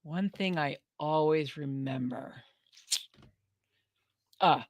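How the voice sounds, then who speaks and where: Female co-host, animated pitch, deadpan one-liners. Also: measured pace, dry recording. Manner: quippy, short dry comebacks. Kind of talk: casual live-stream chat.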